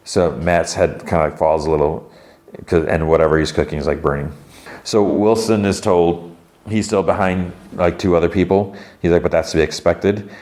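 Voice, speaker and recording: A man with a very low voice hosts a podcast and walks through a TV episode in a loose, casual way. He quotes the characters' lines as he retells each scene, with many "like" and "you know" fillers. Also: steady tone, moderate pace, darkish tone. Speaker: podcast host.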